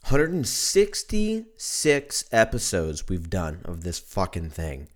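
A man's voice: low voice, huge pitch swings, slow pace. A man hosting his own podcast in a casual solo monologue, drunk, congested, rambling and swearing freely. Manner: rambling and profane. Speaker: podcast host. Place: at home.

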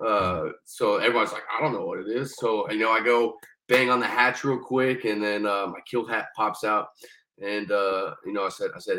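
A young man with a lowish voice tells his story as a podcast guest, loose and profane. He keeps slipping into the voices of the people he quotes. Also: moderate pace, low-quality recording. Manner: profane, animated, acts out quoted dialogue. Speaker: podcast guest, former Marine. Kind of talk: casual storytelling.

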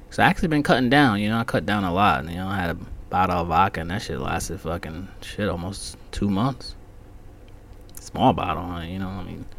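Hosting his solo podcast, a gravelly-voiced man rants casually and swears freely, with slight background noise. He tells the story with heated, animated irritation, his pitch jumping around as he gets worked up.

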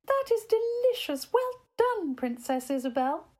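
A woman's voice: very high-pitched, very animated, unhurried, a little mellow, voice pushed up, exaggerated voice. A woman voicing a regal, gracious fairy queen in a children's story, making stately pronouncements.

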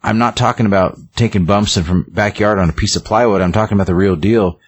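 A man voicing a gruff, protective older male wrestling promoter in a blunt, firm way while retelling a film. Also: fairly low pitch, steady tone, quick pace.

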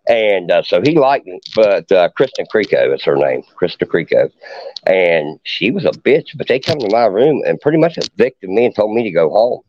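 Deep-voiced profane man. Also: very animated, normal speed, a little hiss or hum. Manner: profane, boastful hillbilly storyteller. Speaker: podcast guest, moonshiner. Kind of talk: casual podcast storytelling. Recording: dull lo-fi podcast audio.

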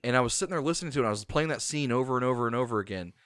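Swearing, animated man with a dry close sound. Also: medium pitch, racing, no echo. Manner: animated storyteller, swears a lot, says "dude". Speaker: podcast co-host. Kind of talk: casual chat, retelling a movie.

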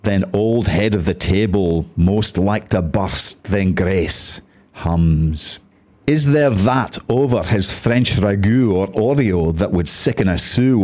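A Scottish man hosts the show in a friendly, easygoing way, with a low voice. He chats and jokes lightly, then reads verse aloud at a measured pace. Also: a little mellow. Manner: friendly, chatty, lightly humorous. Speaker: host. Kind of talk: casual talk and reading a poem aloud.

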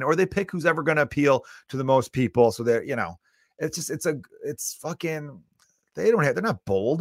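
A man's voice: on the low side, no room sound, studio quality. A man in his thirties hosting a solo comedy podcast, ranting bluntly with lots of swearing. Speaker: podcast host.

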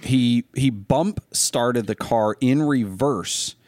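A man's voice: mid-range voice, takes it slowly, darkish tone, no room sound. A man hosting a podcast, telling stories and giving advice in a rambling, casual way. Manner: rambling, many fillers and restarts, storytelling. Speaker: podcast host. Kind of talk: casual chat.

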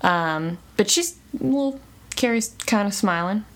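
A woman co-hosting a casual chat, describing things thoughtfully with many pauses and fillers. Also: medium pitch, expressive, a bit bright. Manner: thoughtful, hesitant, many ums and likes. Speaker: podcast co-host.

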